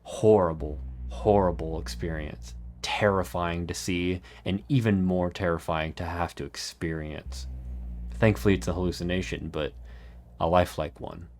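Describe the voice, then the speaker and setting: A man narrating a scripted video essay in an earnest, measured way with dramatic pauses. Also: deep voice, fairly even intonation, a little mellow, a little hiss or hum. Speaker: YouTube narrator.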